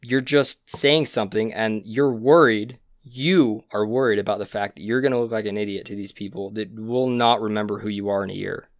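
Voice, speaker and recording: A man's voice: on the low side, fairly even intonation, normal speed, hardly any pauses, dry recording, studio quality. A young man co-hosting a casual podcast chat, a rambling storyteller who laughs at his own stories, recorded on a podcast mic. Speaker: podcast co-host.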